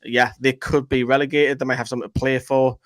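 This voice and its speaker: A man chats loosely through viewer comments as co-host of a fan show, rambling and joking as he goes. His voice sits at an ordinary pitch and sounds dry and close to the mic. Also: little pitch movement, no echo, rough recording. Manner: chatty, rambling, quick to joke. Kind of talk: casual chat reading viewer comments.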